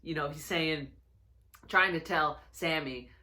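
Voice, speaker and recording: A bright, forward voice belongs to a casual reviewer talking through a wrestling episode. The delivery rambles, full of fillers, restarts and small chuckles, at a middling pitch. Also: slow.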